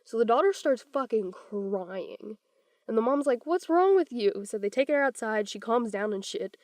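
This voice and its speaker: Young woman, podcast co-host, animated casual storyteller who quotes people in character, close dry mic. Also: on the high side, normal speed, dry recording.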